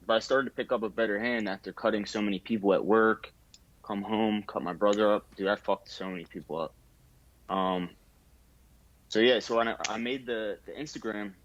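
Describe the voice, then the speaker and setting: A man's voice: fairly low pitch, muffled recording. A young man, a barber, telling his story in a casual interview, laid-back with many fillers and acted-out quotes.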